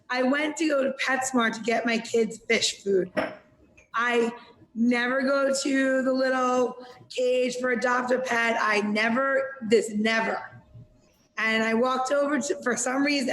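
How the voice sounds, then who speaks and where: A woman co-hosting a podcast, telling a story with animated, laughing energy. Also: high-pitched, echoey room, a little hiss or hum, poor audio. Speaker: co-host. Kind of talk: casual podcast chat.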